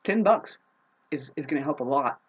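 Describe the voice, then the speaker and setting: A woman ranting to camera in a profane, rambling, confrontational way, swinging between loud outbursts and low muttering. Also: expressive, moderate pace, slightly rough, dull audio. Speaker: vlogger. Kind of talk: unscripted rant to camera.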